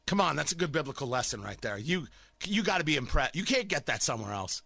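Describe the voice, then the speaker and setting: A man's voice: on the high side, big pitch swings, fast, creaky, bright, forceful tone, husky, no echo. A man delivering a sarcastic, combative opinion monologue as a talk show host.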